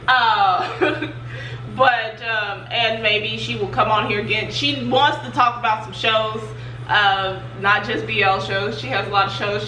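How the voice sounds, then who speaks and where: A woman's voice: medium pitch, bright, forceful tone. A young adult woman hosting her own channel in a chatty, loose way, with lots of filler words. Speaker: channel host. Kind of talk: casual vlog chat. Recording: roomy, distant mic, faint noise.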